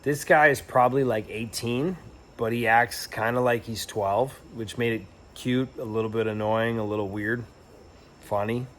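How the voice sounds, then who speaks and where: A man's voice: mid-range voice, steady tone, moderate pace, a bit bright, slight background noise. A young man telling a travel story in a casual, rambling and reflective way, with lots of fillers and restarts. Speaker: travel vlogger.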